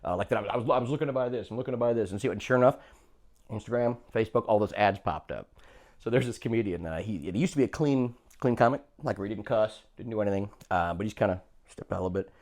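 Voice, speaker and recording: A man's voice: fairly low pitch, racing. A man co-hosting a comedy podcast, telling rambling stories in casual chat and acting out quotes. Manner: rambling storyteller, animated, acts out quotes. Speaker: podcast co-host.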